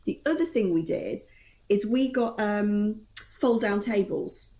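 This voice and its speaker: A woman's voice: mid-range voice, unhurried, dark tone. A woman, telling chatty, self-deprecating parenting stories in a podcast conversation. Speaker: mother and guest. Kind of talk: casual podcast chat.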